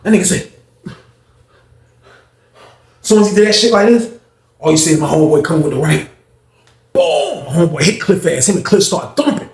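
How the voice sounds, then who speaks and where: A man's voice: fairly high pitch, fairly quick, gravelly, long pauses. A man telling a story to his audience in casual slang and curses, acting out other people's voices as he goes. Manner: animated, acts out others' voices, heavy slang and cursing. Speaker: storyteller recounting his prison days. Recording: roomy echo.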